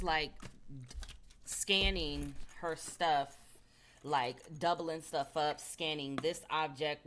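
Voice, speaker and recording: Woman, low voice, casual spiritual storyteller, filler-heavy chat. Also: a bit bright, a little hiss or hum. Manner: loose, filler-heavy, chatty. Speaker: spiritual speaker.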